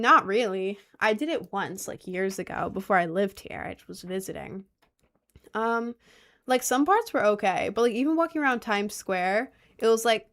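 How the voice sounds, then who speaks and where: A young woman streamer chatting casually in a rambling way, with lots of fillers. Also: medium pitch. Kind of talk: casual chat.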